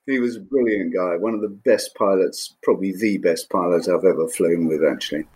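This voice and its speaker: Older man, halting measured recollection. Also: deep voice, a little mellow, breathy edge. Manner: measured, hesitant with frequent ums. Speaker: former naval pilot. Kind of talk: interview recollection.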